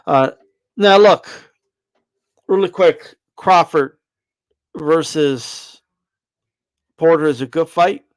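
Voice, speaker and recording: Brash, profane boxing host. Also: male voice, on the high side, takes it slowly, pauses often, smooth, dry recording. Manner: brash, profane, emphatic, repeats for effect. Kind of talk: livestream rant.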